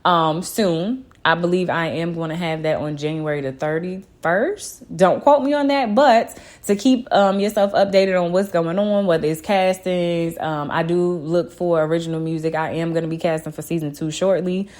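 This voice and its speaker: A woman talks straight into her own podcast in a loose, personal monologue. Her voice sits notably low, and she speaks with open emotion, often leaning on "you know.". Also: normal speed, few pauses, darkish tone. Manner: candid and emotional, with frequent "you know" fillers. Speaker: podcast host.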